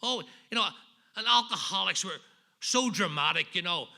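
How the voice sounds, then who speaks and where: Speaking expressively at a moderate pace, a Northern Irish man with a high, sharp voice and some vocal fry recounts his recovery at a meeting. The talk is funny and personal, delivered with wry self-deprecation and jokes aimed at the audience.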